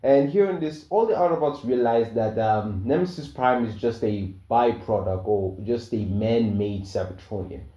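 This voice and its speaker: A young man narrating a fan story in a rambling, hesitant way, full of fillers. His voice is dark and mellow. The recording is muffled and echoes in a roomy space. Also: mid-range voice, normal speed, few pauses. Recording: dull, roomy home recording.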